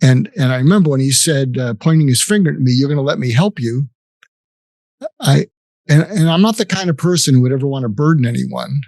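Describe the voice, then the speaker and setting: An older man, a psychiatrist, recounting a personal story in an interview, reflective and halting with restarts. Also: mid-range voice, expressive, vocal fry, darkish tone, no room sound.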